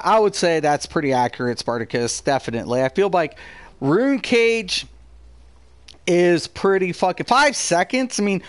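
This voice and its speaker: A man's voice: a little high, no room sound. A man hosting a live gaming stream, ranting heatedly and profanely while answering his chat. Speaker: gaming streamer and channel host.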